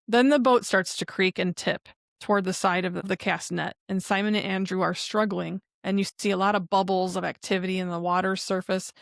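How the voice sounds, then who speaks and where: This podcast co-host, a woman, talks slightly quickly in a steady, medium-pitched voice with vocal fry. She recaps a TV episode one scene after another in a loose, talkative way, linking moments with frequent "and then." The sound is clean, dry studio audio.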